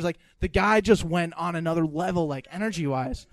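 A man co-hosting a live podcast show, telling an excitable story, laughing often and swearing casually. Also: on the high side, a little fast, hardly any pauses, no echo. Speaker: podcast co-host.

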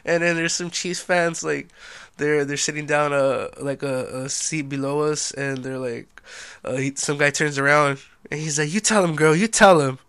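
A man's voice: a little high, fairly even intonation, moderate pace, pushed and bright, clear, resonant tone, dry recording. A young man hosting a casual solo podcast, laid-back and a little tipsy and sluggish, swearing constantly and saying "dude" a lot. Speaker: podcast host.

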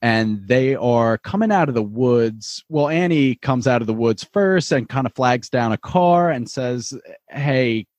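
A man's voice: medium pitch, lively intonation, unhurried, hardly any pauses, a little mellow, dry recording. A man with a mid-range voice casually recaps TV episodes, walking through the plot point by point. The recording is dry and close. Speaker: podcast co-host.

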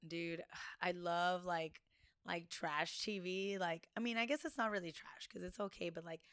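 A woman's voice: fairly low pitch, fairly even intonation, normal speed, fairly bright tone, smooth, no echo. Guest: laid-back young woman, chatty and slangy, dry close-mic sound. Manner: laid-back, says "dude" and "like" a lot. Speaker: podcast guest. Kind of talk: casual podcast interview.

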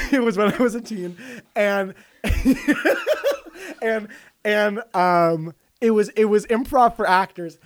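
A man's voice: high voice, animated, slow. A man playing a vain, dramatic female film star in an improvised comedy podcast, gossipy and over the top, talking over an online call. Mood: boastful.

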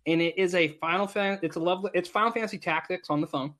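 A man in his thirties with a slightly higher voice, chatting on a gaming podcast. He talks with eager enthusiasm, rambling and restarting his sentences as his ideas tumble out. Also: fast talker, fairly bright tone. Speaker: podcast co-host. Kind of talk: casual gaming podcast chat.

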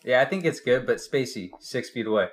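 A man co-hosting a podcast in casual chat, joking in a deadpan way. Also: mid-range voice, a little fast. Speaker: podcast co-host.

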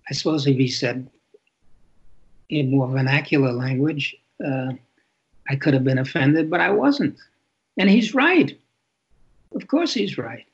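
Husky older man, reflective and halting. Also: mid-range voice, expressive, highs cut off. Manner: reflective, halting, repeats words. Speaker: author and interview guest. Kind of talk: candid conversational interview.

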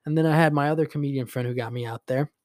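A young man hosting a podcast, telling a story casually with lots of swearing, fillers and animated retelling. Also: fairly high pitch, very fast, no room sound, studio quality. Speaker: podcast host.

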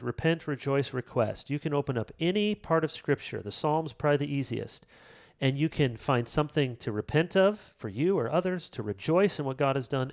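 A middle-aged man, a pastor and author, speaking earnestly as an interview guest and acting out quotes as he tells stories. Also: fairly high pitch. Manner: earnest, animated storytelling with acted-out quotes. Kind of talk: casual interview conversation.

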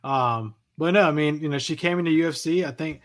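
A man's voice: on the high side, fairly quick. Hyped Delmarva-accented guy. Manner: hyped, bro-ish. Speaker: co-host. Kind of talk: casual betting chat.

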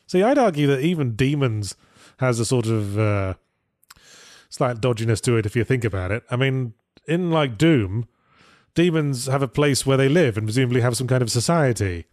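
Dry, sardonic podcast host. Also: male voice, medium pitch, animated, fairly quick, a little mellow, no room sound. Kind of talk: casual chat.

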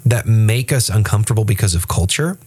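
Brisk and husky with a low voice, this faith podcast co-host keeps things casual and animated. He acts out quoted voices and his speech is full of restarts and fillers.

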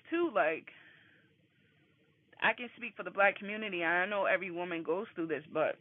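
High-voiced man talking from a car. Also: dry recording. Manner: candid and emphatic, swears freely. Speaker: host of a motivational morning talk. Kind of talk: casual motivational monologue. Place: in a car on the way to work. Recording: phone-like line with faint road noise.

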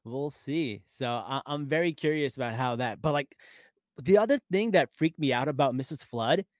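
A man's voice: mid-range voice, moderate pace, no room sound. Chatty man with a dry close sound. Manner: animated, laughs often, recaps episodes. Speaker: podcast co-host. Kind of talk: casual fan discussion.

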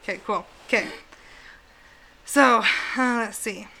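Bright-voiced chatty woman. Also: medium pitch, slow, vocal fry. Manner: chatty, swears freely, laughs often. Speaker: podcast host telling a legend. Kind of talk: casual chat.

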